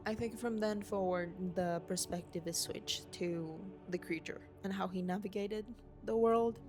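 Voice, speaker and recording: A young woman vlogging at home, rambling excitedly and swearing casually about a film while waving a handheld mic. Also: medium pitch, unhurried, over music. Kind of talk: unscripted excited movie rant. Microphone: handheld mic waved around.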